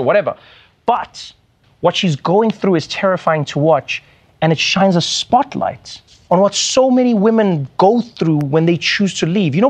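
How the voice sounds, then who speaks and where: Male TV host, earnest monologue, slightly high voice. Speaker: late-night TV host. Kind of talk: monologue commentary.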